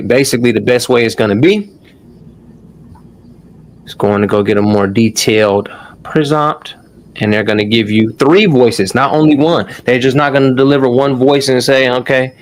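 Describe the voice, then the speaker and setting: A man hosting a casual live-stream tutorial, talking loosely to his audience, swearing now and then and calling them "y'all". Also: mid-range voice. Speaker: online course host.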